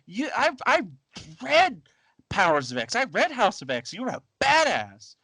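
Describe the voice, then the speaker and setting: A man's voice: very high-pitched, wildly swooping pitch, unhurried, pushed and bright, slightly rough, dry recording, low-quality recording. A man co-hosting a podcast, chatting casually about comics, laughing often and acting out characters in goofy voices. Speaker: podcast co-host. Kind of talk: casual comic-book discussion.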